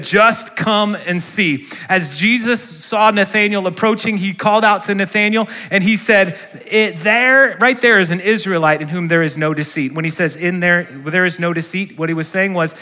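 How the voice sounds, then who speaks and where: A man's voice: high-pitched, sharp tone. A male pastor preaching a sermon in a church, asking the congregation questions and calling for responses. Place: church sanctuary.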